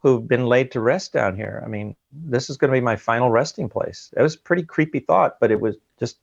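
Gravelly man, halting and earnest. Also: medium pitch, dry recording, muffled recording. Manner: halting, earnest, repeats words. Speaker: guest recounting a submersible ordeal. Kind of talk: emotional interview account.

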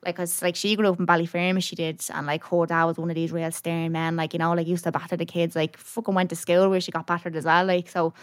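A woman's voice: on the low side, flat delivery, smooth, no room sound, studio quality. A young woman comedian with a Dublin accent, chatting frankly in an interview and telling stories with plenty of swearing. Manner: chatty storyteller, quick and frank, peppered with swearing. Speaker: stand-up comedian. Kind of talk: casual interview chat.

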